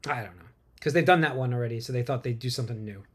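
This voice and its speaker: A man hosting a casual movie news podcast from home, rambling and tripping over names, quick to laugh. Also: mid-range voice, breathy edge. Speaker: podcast host.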